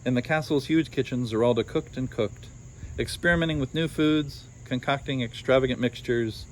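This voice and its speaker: A man's voice: mid-range voice, normal speed, a little hiss or hum. A man reads a children's storybook aloud outdoors, breaking in now and then with dry, wry asides. Faint crickets and insects chirp behind him.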